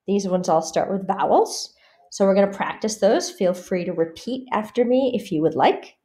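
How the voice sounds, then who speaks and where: A woman teaching a pronunciation lesson, saying example words slowly and clearly and then explaining them in a calm, careful way. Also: medium pitch. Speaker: French teacher.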